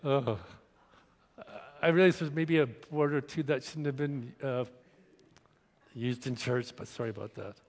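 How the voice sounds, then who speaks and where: A man's voice: mid-range voice, steady tone, unhurried, noisy background. A man preaching a sermon in a church, getting over a cold with an occasional cough, talking conversationally with restarts and questions to the congregation. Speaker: pastor. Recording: long reverb of a church hall.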